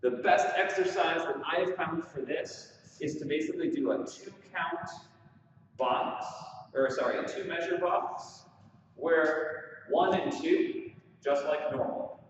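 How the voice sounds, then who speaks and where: Echoey dance teacher counting beats. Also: male voice, fairly high pitch, a little slow, a little hiss or hum. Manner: counting beats aloud while dancing, encouraging. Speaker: dance instructor. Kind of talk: follow-along dance drill instruction. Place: studio with large windows. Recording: echoey room, far from the mic, dull sound.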